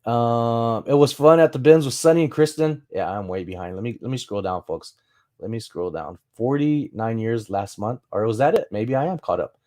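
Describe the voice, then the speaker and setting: A man's voice: mid-range voice, normal speed, darkish tone. A man hosting a casual livestream, telling rambling anecdotes with acted-out exchanges and reading through viewer chat. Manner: reads and answers viewer chat. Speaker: livestream host.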